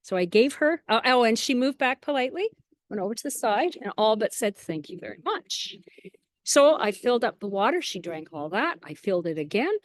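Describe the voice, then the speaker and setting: A woman chatting as an interview guest, telling lively anecdotes with quoted asides and frequent small laughs. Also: on the high side, a little fast, no room sound, clean studio sound. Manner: laughs often between phrases. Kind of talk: casual storytelling.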